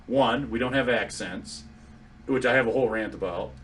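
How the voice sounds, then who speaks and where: A man from South Dakota chatting casually on a podcast, a blunt and animated storyteller who acts out what people said. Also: mid-range voice, moderate pace, a little hiss or hum. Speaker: podcast co-host. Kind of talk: casual chat.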